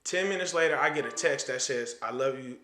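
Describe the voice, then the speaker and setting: Thirties male guest, casual animated storyteller, roomy echoey room. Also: medium pitch, brisk. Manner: animated, slangy, retells dialogue. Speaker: podcast guest. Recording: roomy echo.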